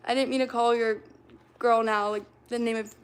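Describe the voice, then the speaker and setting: A woman's voice: on the high side, flat delivery, normal speed, smooth, lightly acted. A woman improvising a young woman who stammers through repeated apologies to an angry friend, in a livestreamed acting game. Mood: pleading apology.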